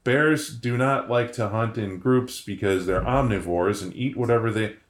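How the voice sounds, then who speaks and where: A pedantic young girl, voiced by a man, lectures in a flat, measured way. It sounds a bit soft and roomy. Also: lowish voice, pitched below the performer's own voice, natural voice. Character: pedantic young daughter reciting nature facts.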